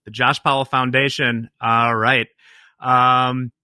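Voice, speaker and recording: A man's voice: mid-range voice, moderate pace, pushed and bright, no echo, clean studio sound. A man hosting a podcast in casual chat, joking and laughing at his own slips. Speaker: podcast host.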